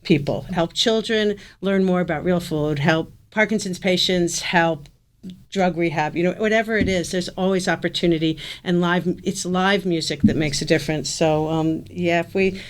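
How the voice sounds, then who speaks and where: A middle-aged woman speaking in a casual interview as a fund co-founder, chatty and quick to chime in. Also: fairly low pitch. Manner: quick, chatty, jumps in with agreement.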